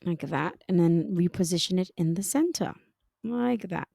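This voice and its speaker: A woman giving a calm, step-by-step software design tutorial, talking through each click. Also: lowish voice, normal speed, creaky, slightly rough, no echo, studio quality. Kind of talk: screen-recorded software tutorial.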